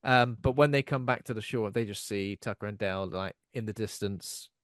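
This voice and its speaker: A man's voice: fairly low pitch, normal speed, no echo, studio quality. A man co-hosting a podcast, casually retelling a film scene and acting out the characters' lines. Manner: animated retelling, acts out lines. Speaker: podcast co-host.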